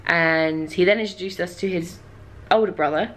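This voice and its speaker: A woman's voice: fairly low pitch, normal speed. A young woman vlogger telling a travel story to camera in a chatty, casual way, laughing often and dropping dry asides.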